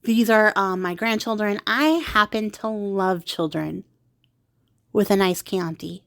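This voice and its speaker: A woman's voice: mid-range voice, unhurried, creaky. A woman voicing a greedy ogre queen who is a grandmother, in a sarcastic, smug way.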